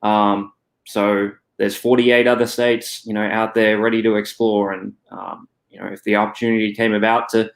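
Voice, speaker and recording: Low, flat-voiced Australian man. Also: moderate pace, creaky. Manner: hesitant, many "you know" fillers and restarts. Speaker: guest. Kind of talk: casual interview answers.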